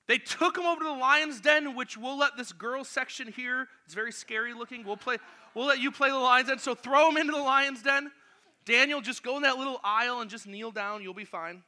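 Youth pastor, male, high and very bright voice, energetic, directing volunteers mid-sermon. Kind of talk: youth sermon with acted-out Bible story.

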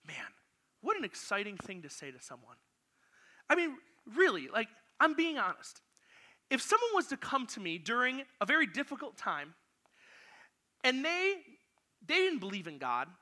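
A man with a high, strikingly bright voice preaches to a youth group in a church room. He talks with energy and playfully directs volunteers through an acted-out Bible story. The feel is of a lively youth sermon. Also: moderate pace, long pauses. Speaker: youth pastor.

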